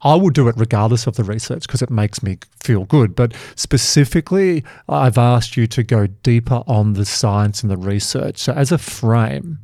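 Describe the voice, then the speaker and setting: A man hosting a podcast, telling his stories in an animated, vivid way. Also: mid-range voice, normal speed, hardly any pauses, no room sound, clean studio sound. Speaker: podcast host. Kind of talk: conversational podcast storytelling.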